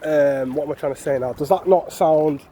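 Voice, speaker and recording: A man's voice: a little high, moderate pace, dark tone, slight background noise, poor audio. A man with a Mancunian accent chatting to his viewers in a casual, jokey walking vlog outdoors, swearing freely. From North West England. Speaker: vlogger. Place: outdoor parkland.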